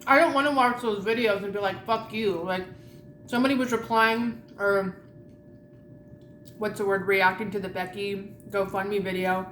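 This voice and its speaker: A woman's voice: mid-range voice, fairly even intonation, moderate pace, a bit bright, reverberant, slight background noise. A woman vlogger chatting casually while eating, rambling and candid with a lot of swearing.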